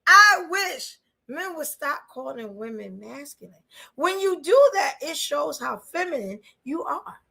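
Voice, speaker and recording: A woman with a high-pitched, creaky voice speaks a little slowly on a rough recording. She's a podcast host from Brooklyn, New York, with a New York accent, bluntly reacting to things for her audience in an animated, laughing way.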